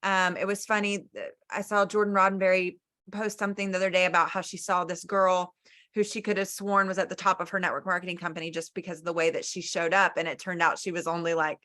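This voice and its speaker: Bright chatty woman leading a team call. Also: fairly low pitch, little pitch movement, fast. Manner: enthusiastic, chatty, southern "y'all". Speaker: team leader hosting a video call. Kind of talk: casual encouraging talk. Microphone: video call.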